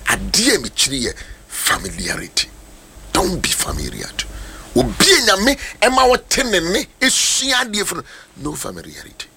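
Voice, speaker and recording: A man preaching a sermon as a pastor, animated and rising to shouts. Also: high voice, normal speed, gravelly, husky.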